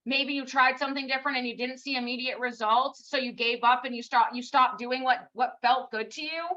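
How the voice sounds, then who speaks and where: Woman team leader, punchy and bright, scolds and rallies on a live stream; muffled stream sound. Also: high-pitched. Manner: blunt, scolding, rapid-fire rhetorical questions; swears casually, self-mocking. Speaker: team leader giving a live pep talk. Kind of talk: casual motivational livestream talk.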